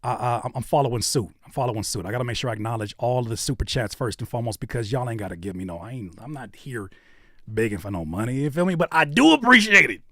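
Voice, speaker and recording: A man hosting a casual live stream, talking in an animated way that swings between loud outbursts and low muttering. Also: no room sound. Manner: animated, quick shifts between shouting and muttering. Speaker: host of a live stream channel.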